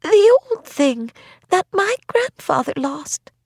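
Woman playing a frail feverish old grandmother, weak wavering voice, high and thin, dry close sound, audiobook. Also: sing-song, slow pace, a little mellow, no echo, exaggerated voice. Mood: confused.

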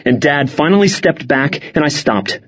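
A man narrating a first-person story for an audiobook in a measured, tense manner. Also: fairly high pitch, animated, a bit bright, breathy edge, dull audio.

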